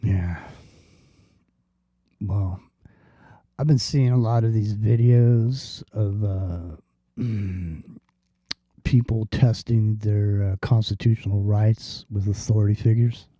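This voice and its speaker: A man's voice: on the low side, steady tone, slow pace, long pauses, dark tone, no room sound. A man hosting a casual talk show, rambling and swearing freely, with lots of fillers and restarts. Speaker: podcast host. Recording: dull lo-fi sound.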